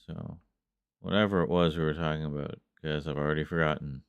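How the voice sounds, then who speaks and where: A man's voice: a bass voice, fairly even intonation, brisk, vocal fry, smooth, no echo, highs cut off. A man hosting a livestream, chatting casually with viewers, reading their messages aloud and laughing often. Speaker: livestream host.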